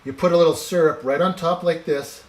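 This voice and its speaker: Guy doing a live cooking stream, kinda higher voice, chatty, greets folks, drifts off mic sometimes. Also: steady tone, fairly quick. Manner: chatty, greets viewers by name while eating. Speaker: livestream cooking host. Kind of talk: casual live-stream chat.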